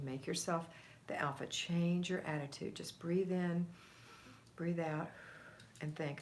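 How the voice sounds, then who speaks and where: A woman's voice: on the low side, fairly even intonation, unhurried, long pauses, slight background noise. A middle-aged woman, chatting on a live stream and giving a firm, motherly pep talk to her viewers. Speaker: homemaking coach live-streaming.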